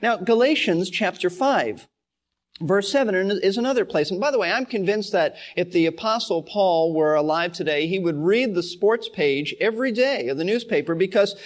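Man, higher-pitched pastor, verse-by-verse Bible teacher, earnest, leans hard on key words. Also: lively intonation, moderate pace. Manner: earnest, emphatic, repeats key words for stress.

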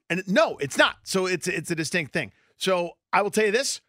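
A man on a sports radio show, playful and rambling as he explains himself. His pitch swings widely and sits slightly high. The studio sound is dry and close. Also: lively intonation, normal speed, fairly bright tone, no room sound. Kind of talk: casual radio chat. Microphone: studio microphone.

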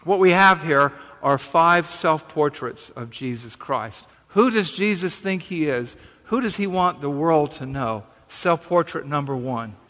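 A pastor giving a sermon, reading scripture and then explaining it in a conversational, emphatic way with repetitions. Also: male voice, fairly high pitch, lively intonation, a little slow, few pauses, fairly bright tone, long reverb tail.

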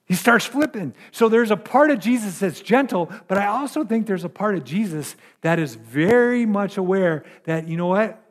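High-voiced man preaching conversationally. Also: expressive, normal speed, hardly any pauses. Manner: conversational preaching with frequent "right?" asides and rising emphasis. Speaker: pastor. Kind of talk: sermon.

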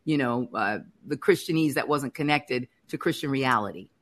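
A woman's voice: a bass voice, moderate pace. A middle-aged woman candidly telling a personal faith testimony on a podcast, acting out what people said. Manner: candid, animated retelling with acted-out quotes. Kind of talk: personal testimony, casual storytelling.

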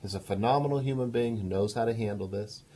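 A man's voice: lowish voice, fast, warm tone, slightly rough. A man hosting a call-in advice show, coaching a caller with enthusiastic encouragement. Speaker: radio show host.

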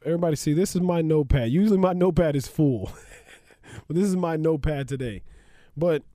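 A man hosts a sports podcast in a loose, chatty way, laughing often and wandering into asides. His voice is mellow and middle-pitched, recorded dry and close. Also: fast, no echo. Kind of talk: casual sports talk.

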